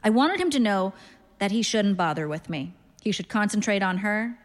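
A woman in her thirties reads her story in a dry, deadpan voice at a medium pitch. Her delivery stays understated and wry. A long reverb hangs around her, as if read in a hall. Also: moderate pace. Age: 30s. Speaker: narrator, reader. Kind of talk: literary story reading.

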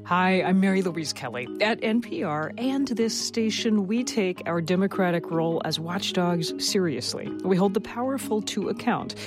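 A woman news host reading a scripted promo in a firm, deliberate way. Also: mid-range voice, lively intonation, over music.

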